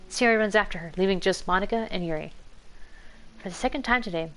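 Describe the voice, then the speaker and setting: A woman's voice: mid-range voice, fast, a bit bright, soft background music. Woman casually reading a fan story. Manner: casual, breaks in with asides. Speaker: reader.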